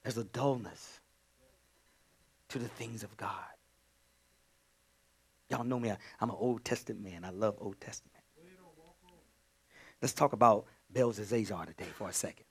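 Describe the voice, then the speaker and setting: A male pastor delivering a sermon, dropping to hushed whispers and then rising to shouted cries of praise. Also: on the low side, moderate pace, pauses often, breathy edge. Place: church sanctuary.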